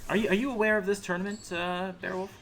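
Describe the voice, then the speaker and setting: A man's voice: high-pitched, level tone, fast talker, a bit bright. A man from Ontario, Canada, co-casting a card game stream, joking around and reading chat aloud with lots of ums and uhs. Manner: joking, filler-heavy, reads chat aloud.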